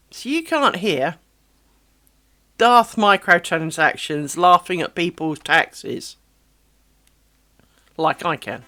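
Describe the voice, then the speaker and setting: A woman's voice: lowish voice, lively intonation, slow pace, pauses often, bright, forceful tone, no room sound, faint music behind. A woman from Britain chatting casually on a craft live stream, talking to her viewers and fussing over her dogs.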